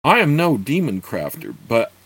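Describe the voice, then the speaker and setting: A man voicing a learned, slightly peevish male druid who speaks in measured archaic phrases. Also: medium pitch, wildly swooping pitch, a bit bright, husky, dry recording, voice pushed up, heavily acted. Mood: cautious.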